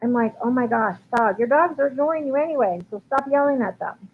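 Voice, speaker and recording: A chatty woman dog trainer talking casually through a live Q&A, full of ums and likes. Her voice sits a little high. It comes through a tinny, phone-like line with a faint hiss behind it. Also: expressive, brisk. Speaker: dog trainer answering viewer questions. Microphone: livestream computer mic.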